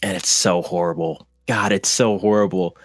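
Man, low voice, hesitant chat, lots of ums, dry close mic. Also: fairly even intonation, moderate pace, no echo, soft background music. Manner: hesitant, many fillers and restarts. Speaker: podcast guest, streamer. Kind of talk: casual conversation.

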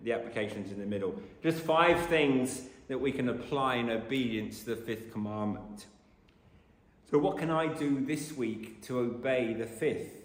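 A man's voice: mid-range voice, normal speed. A man preaching a sermon as pastor, earnest and emphatic, repeating his key phrases. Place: church. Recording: echoey church hall.

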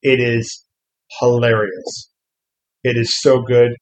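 A man's voice: medium pitch, takes it slowly, rough recording. A man in a casual comics chat who retells scenes with lots of energy and acts out the quotes. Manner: animated storyteller, acts out quotes.

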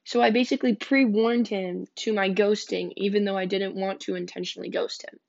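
A young adult woman hosts a casual storytelling podcast, recounting her dating stories bluntly and candidly and swearing freely. Her mid-range voice is darkish and steady, with vocal fry, and she talks fairly quickly. The recording is dull and lo-fi.

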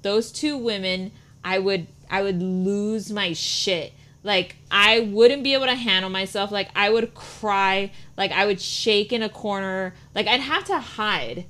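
A young woman from Mexico who speaks without an accent, trading stories in a relaxed podcast chat. She talks in lively bursts and swears freely. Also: medium pitch, unhurried. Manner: animated, swears freely, tells long stories.

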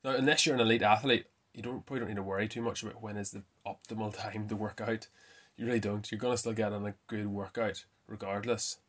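A man hosting a casual fitness talk, chatty and quick to correct himself with a laugh. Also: fairly low pitch, steady tone, fairly bright tone. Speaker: fitness podcast host. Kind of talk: casual myth-busting talk.

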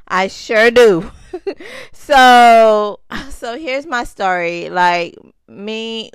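A woman's voice: medium pitch, smooth, dry recording. A young woman hosting a casual chat podcast for mothers, chatty and laughing, stretching out phrases for emphasis. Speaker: podcast host.

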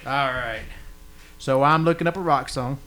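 A man's voice: mid-range voice, normal speed, noisy background. A man hosting a podcast, chatting casually with a guest and laughing often. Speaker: podcast host. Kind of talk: casual interview chat.

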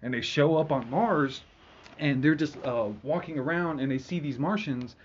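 A man's voice: fairly high pitch, moderate pace, husky, highs cut off. A man in casual chat, retelling a book's story in a rambling, profane way full of fillers. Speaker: podcast host.

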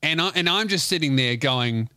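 A man hosting a podcast who tells a long comic story full of swearing and restarts. His voice sits a little high for a man and sounds bright and forceful. It is recorded close and dry. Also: animated, moderate pace, no echo. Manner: rambling, profane, laughing at his own story. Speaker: podcast host. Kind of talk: comedic storytelling.

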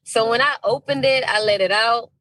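A young adult woman, an actress guest on a podcast, telling her story with feeling, acting out quoted lines with big leaps in pitch. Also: normal speed, dry recording, distant mic, low-quality recording. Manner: animated, emotional, acts out quotes with big pitch jumps; heartfelt, faith-filled tone.

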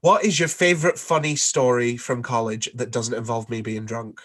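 A man's voice: medium pitch, fairly even intonation, moderate pace, a bit bright, no room sound, clean studio sound. A young man hosting a casual chat, blunt and teasing, with some swearing. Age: young adult.

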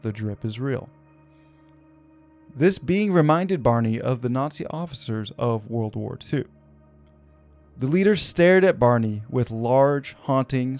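A man's voice: mid-range voice, a little mellow. A man hosting a podcast, telling a story in a casual, conversational way with fillers. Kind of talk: conversational narration of a paranormal story.

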